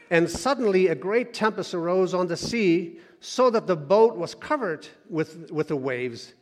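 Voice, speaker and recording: A man preaching a conversational sermon, repeating words and dropping quiet when he quotes scripture. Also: high voice, lively intonation, a little slow, few pauses, in a large hall. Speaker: pastor.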